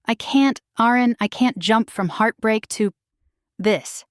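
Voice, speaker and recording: A woman reading a romance audiobook voices a frightened young pregnant werewolf, speaking softly and hesitantly. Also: a little high, slow pace, dry recording, clean studio sound. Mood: fearful. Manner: soft, hesitant and whispered. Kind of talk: scripted story narration.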